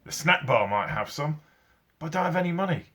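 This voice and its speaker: Brief: storybook schoolboy, young and eager, bright and lively as a man puts him on. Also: on the high side, fairly quick, pitched above the performer's own voice.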